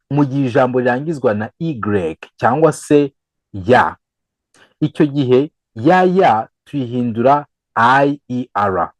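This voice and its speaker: A man teaching English grammar, switching between English and Kinyarwanda and repeating each example slowly. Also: mid-range voice, no room sound, rough recording. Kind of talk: bilingual grammar lesson.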